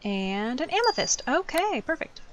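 A woman streamer giving chatty, excitable commentary while playing a game, full of quick asides and exclamations. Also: sits high, a little hiss or hum. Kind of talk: casual gameplay commentary. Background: game music.

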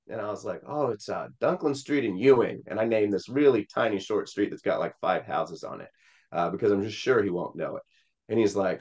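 A man's voice: lowish voice, a little fast, darkish tone, highs cut off. A man from Missouri, a Senate candidate, telling an emotional personal story with many fillers and acted-out quotes. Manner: rambling with many fillers, quoting voices.

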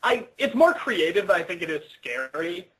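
A man's voice: high voice, very animated, normal speed, fairly bright tone, breathy edge, low-quality recording. A young man answering interview questions over a video call, rambling and self-deprecating with lots of fillers and restarts. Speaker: interview guest. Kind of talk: casual interview chat.

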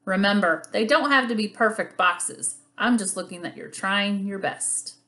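A woman's voice: medium pitch, bright, forceful tone. A woman teaching young children a reading lesson on video, giving patient, encouraging instructions and reading a picture book aloud. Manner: patient, encouraging, speaks slowly to young learners.

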